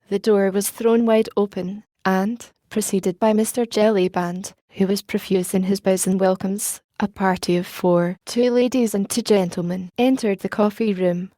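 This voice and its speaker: A woman reading an audiobook in a measured, even storytelling manner. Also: medium pitch, dry recording. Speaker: audiobook narrator. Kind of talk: audiobook narration.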